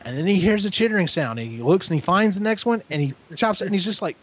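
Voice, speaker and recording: A man co-hosting a casual podcast, retelling a story with lively acted-out voices and frequent swearing. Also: high voice, fast talker, breathy edge. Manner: animated retelling, acts out characters, swears freely. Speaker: podcast co-host. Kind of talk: casual book recap chat. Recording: dull lo-fi audio.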